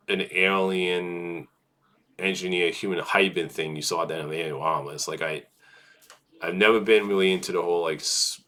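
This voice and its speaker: A man's voice: low-pitched, bright, forceful tone. A man casually talking through film news as a vlogger, rambling with lots of filler words and restarts.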